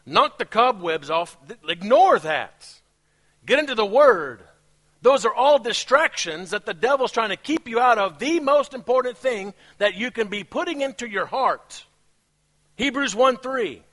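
A male pastor with a non-native English accent preaches with lots of energy. His voice sits high and swings up and down, and he breaks into laughs between points. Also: unhurried. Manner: animated preaching with laughs and asides. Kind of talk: sermon.

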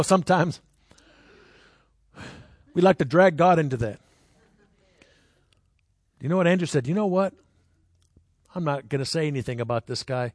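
A man's voice: moderate pace, long pauses, a little mellow, dry recording, studio quality. A man preaching a sermon in a conversational way, telling personal stories and asking the crowd questions. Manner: jumps into high voices when acting out people.

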